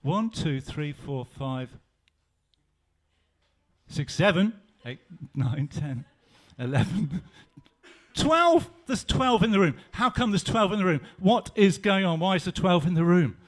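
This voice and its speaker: A preacher voicing stubborn doubting Tom. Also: male voice, high-pitched, expressive, measured pace. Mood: baffled. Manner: insistent, exasperated. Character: doubting disciple Tom, stubborn grown man.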